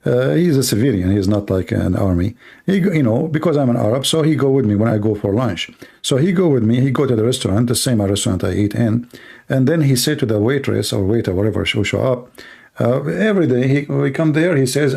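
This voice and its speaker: Husky man, mocking storyteller. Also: medium pitch, expressive, fairly quick, darkish tone. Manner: mocking, in broken English. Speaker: livestream host. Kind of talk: casual storytelling on a livestream.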